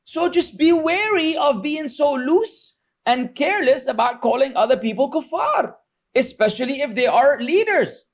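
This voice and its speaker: A middle-aged man teaching a religious class, scolding and sarcastic, chatty and full of fillers as he mocks his critics. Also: extremely high pitch. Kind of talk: informal religious class lecture.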